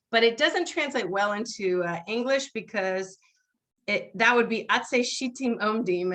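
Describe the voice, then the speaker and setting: A woman's voice: medium pitch, pushed and bright. A woman rabbi leading a seder over a video call, chatty and laughing often, chanting Hebrew blessings.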